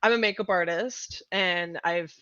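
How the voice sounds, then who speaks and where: Bubbly, bright-voiced woman comedian from Texas. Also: lowish voice, a little slow, muffled recording. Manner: bubbly, effusive, giggly. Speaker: comedian and show producer. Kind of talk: casual interview chat.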